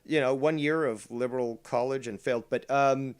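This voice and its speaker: A man hosting a live call-in show, answering in sarcastic, drawn-out retorts full of ums and uhs. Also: medium pitch, steady tone, smooth. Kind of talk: casual live call-in chat.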